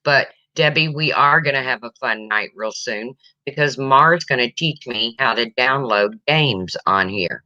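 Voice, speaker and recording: A woman's voice: very deep voice, unhurried, hardly any pauses, bright, forceful tone, no room sound, dull audio. A woman hosting a casual livestream chat, emotional and reading viewer comments aloud. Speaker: livestream host.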